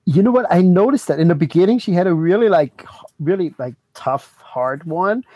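A man's voice: high-pitched, lively intonation, brisk, dark tone, no echo. A man in a casual movie review chat, talking a bit hesitantly with light laughter.

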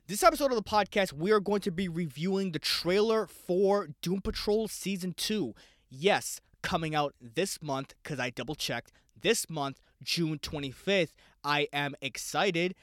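A young man from the United States hosting a casual solo podcast, excitable, swearing freely and talking straight to his listeners. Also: sits high, a little slow, no room sound, studio quality. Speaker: podcast host.

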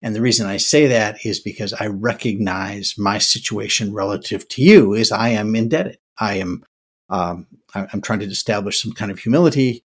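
A man's voice: on the low side, normal speed, slightly rough. An older man hosting a podcast, talking through his thoughts in a reflective, musing way and often restarting his words. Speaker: podcast host. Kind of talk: casual podcast monologue.

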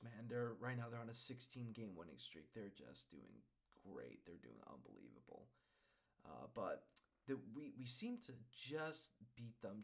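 A man from Western Massachusetts hosting his own podcast, rambling and worked up, tagging his points with "okay?". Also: mid-range voice. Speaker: podcast host. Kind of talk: casual solo podcast chat.

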